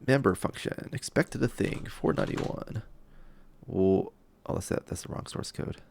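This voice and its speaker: Low gravelly guy thinking out loud while coding on stream, muttering, lively ups and downs, keys clacking behind. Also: measured pace, slight background noise. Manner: thinking aloud, muttering to himself, drops into whispers; self-deprecating, loopy. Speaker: game developer streaming live coding. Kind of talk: live-stream coding talk.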